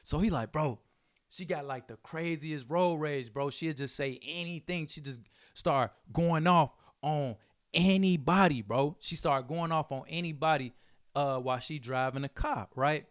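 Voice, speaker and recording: A young man from Chicago reacting to a news clip in casual, animated commentary full of slang and repetition. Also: fairly high pitch, a little slow, dry recording, clean studio sound. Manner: animated, streetwise slang, repeats himself. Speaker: reaction video host.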